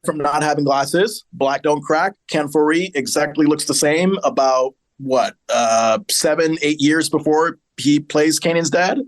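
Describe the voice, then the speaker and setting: A man with a slightly higher voice, chatty and joking as he recaps a sitcom on a podcast. He reads plot notes aloud and breaks into quick asides and put-on voices. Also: fairly even intonation.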